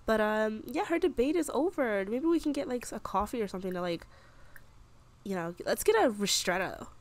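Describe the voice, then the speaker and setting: A young woman casually commentating a life-simulation game, chatty and excitable. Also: a little high, normal speed. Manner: chatty, excitable, with frequent gasps and laughs. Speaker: gaming video creator. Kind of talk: casual let's-play commentary.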